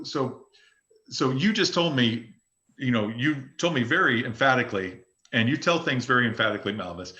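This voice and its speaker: A man's voice: mid-range voice, pushed and bright. Emphatic man coaching agents, roomy sound. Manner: emphatic, repetitive, frequent restarts. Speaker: real estate broker coaching agents. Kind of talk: casual coaching talk in an open forum. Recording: roomy echo.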